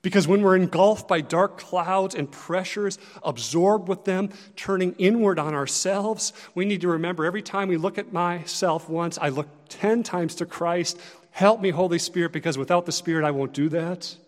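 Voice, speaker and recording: Man, pastor, earnest sermon, conversational, high voice, long hall reverb. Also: moderate pace. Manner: earnest, conversational, shifting loudness for emphasis.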